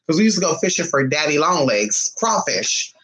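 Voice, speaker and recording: A man's voice: a little high, very animated, normal speed, a bit bright, rough recording. A man vlogging casually, telling family stories in a sassy, flamboyant and profane way. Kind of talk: casual storytelling.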